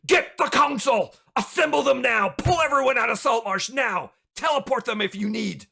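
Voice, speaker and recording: Elf official, male, gruff mutter that breaks into panicked commands, put on by a man. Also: huge pitch swings, drawn-out words, exaggerated voice. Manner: low murmuring, then shouting orders.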